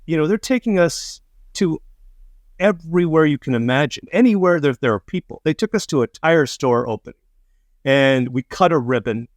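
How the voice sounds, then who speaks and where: A middle-aged man co-hosting a podcast, telling animated, profane anecdotes in casual chat and acting out the quotes. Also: fairly high pitch, moderate pace, dry recording, clean studio sound. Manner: animated anecdotes, swears freely, acts out quotes. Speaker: podcast co-host.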